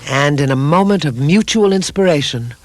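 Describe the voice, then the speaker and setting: A man giving the scripted narration for a documentary, smooth and measured. His voice sits a little high for a man. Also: animated.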